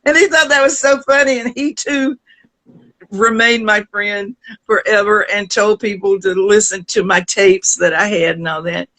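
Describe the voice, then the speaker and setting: A woman's voice: medium pitch, moderate pace, low-quality recording. Older Southern woman telling stories. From American South. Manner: lively, laughs often, many restarts. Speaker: guest singer. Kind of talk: storytelling in a conversation.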